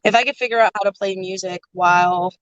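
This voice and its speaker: Sex: woman. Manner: loud, projecting casual talker. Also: mid-range voice, fairly even intonation, quick pace, dry recording, dull audio. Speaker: livestream host. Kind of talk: casual chat. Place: inside a noisy car. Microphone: phone.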